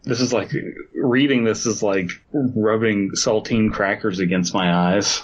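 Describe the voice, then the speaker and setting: A man's voice: fairly low pitch, steady tone, unhurried, a little hiss or hum. A man co-hosting a comedy podcast, rambling and hesitant, with amused tangents. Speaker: podcast co-host. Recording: dull lo-fi mic.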